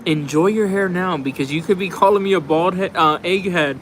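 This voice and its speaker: A man's voice: high voice, fairly quick, a bit bright, a little hiss or hum. A man hosting a livestream in casual chat, rambling, swearing and laughing a lot as he answers viewers. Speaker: livestream host. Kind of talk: casual chat while reading viewer comments.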